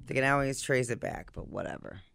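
Bright, smooth-voiced man joking. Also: medium pitch, a little fast, dry recording, studio quality. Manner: wry, joking, blunt. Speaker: podcast co-host. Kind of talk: casual chat.

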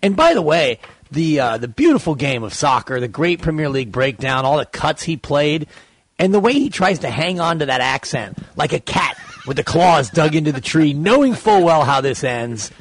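A man's voice: fairly high pitch, big pitch swings, moderate pace. A man co-hosting sports radio, wry and teasing, telling stories with a storyteller's build.

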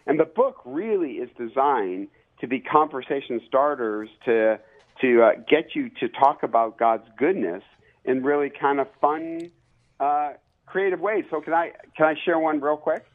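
A man, an author and professor, telling lively stories with many fillers as a guest on a radio interview. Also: mid-range voice, unhurried. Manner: lively, animated storyteller with fillers. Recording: tinny phone line.

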